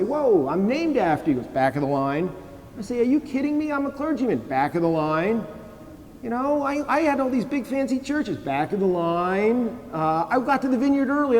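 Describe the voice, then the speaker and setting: Storytelling priest with a ringing church echo. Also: male voice, a little high, darkish tone. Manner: conversational storytelling, humorous, frequent "right?" asides. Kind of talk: sermon. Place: church sanctuary. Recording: long church reverb.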